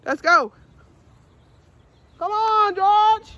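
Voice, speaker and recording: A woman vlogging in her backyard, loud and playful, talking to camera and scolding her pet chicken. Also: very high-pitched, extremely slow, no echo, lo-fi sound. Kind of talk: casual vlog talking to camera. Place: backyard outdoors.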